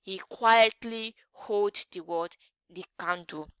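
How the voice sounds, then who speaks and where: Woman English teacher, bright crisp voice, dry close sound, quizzes the class with "what?" questions. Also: mid-range voice, dry recording. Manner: asks the class rhetorical "what?" questions and answers them; repeats example sentences slowly. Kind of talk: grammar lesson.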